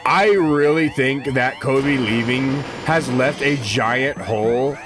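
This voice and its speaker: Speaking slowly in a mid-range voice, a twenty-something streamer chats with his audience while playing a game. He rambles, leans on slang, and talks directly to chat over background game music.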